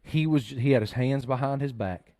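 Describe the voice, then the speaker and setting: A man hosting a podcast, telling a story in an earnest, animated way. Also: medium pitch, moderate pace. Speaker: podcast host. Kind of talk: storytelling chat.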